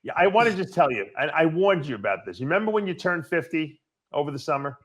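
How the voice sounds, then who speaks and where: A man's voice: on the high side, sing-song, quick pace, fairly bright tone. A male host chatting casually, teasing a guest with blunt remarks. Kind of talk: casual chat.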